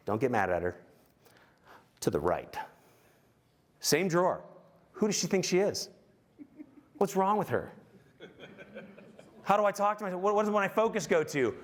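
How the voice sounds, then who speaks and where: A man giving a motivational keynote on stage, telling a self-mocking story and questioning the audience. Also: on the high side. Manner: self-mocking, acts out his own anger. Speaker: keynote speaker.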